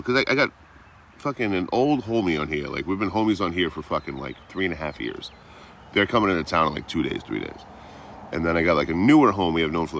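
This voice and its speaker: A man's voice: rumbling low, gravelly, fairly bright tone, slight background noise. A man chatting loosely with viewers on a livestream, rambling and swearing freely. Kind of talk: casual live chat.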